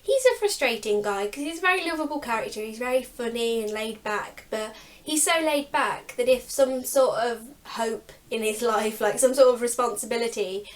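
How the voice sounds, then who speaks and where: A woman's voice: fairly high pitch, normal speed, hardly any pauses. A young woman co-hosting a book channel, chatting casually and laughing often as she vents. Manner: chatty, laughs often, exasperated about characters. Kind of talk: casual chat.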